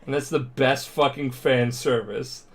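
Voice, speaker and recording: A man's voice: medium pitch, fairly even intonation, a little slow. A drunk man rambling through a profane comedic recap, jumping into silly voices for the characters. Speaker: podcast host.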